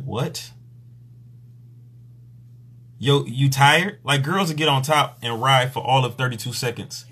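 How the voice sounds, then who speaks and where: A man, a pleasure coach, in an exasperated, profane comedic rant in a husky voice. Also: mid-range voice, a bit bright.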